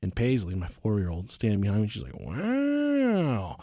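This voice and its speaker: A man's voice: fairly low pitch, fast, creaky, warm tone, no echo, clean studio sound. Profane joking male podcast host. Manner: profane, joking, laughs often while telling. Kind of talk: casual storytelling chat.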